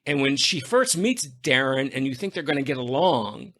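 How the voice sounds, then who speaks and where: A man's voice: medium pitch, big pitch swings, normal speed, fairly bright tone. A man hosting a podcast in casual chat, an effusive storyteller who gushes with enthusiasm. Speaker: podcast host.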